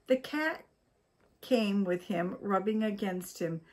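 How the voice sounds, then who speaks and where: An older woman from Maine reading a children's story aloud at a gentle, unhurried pace. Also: medium pitch. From Maine, USA.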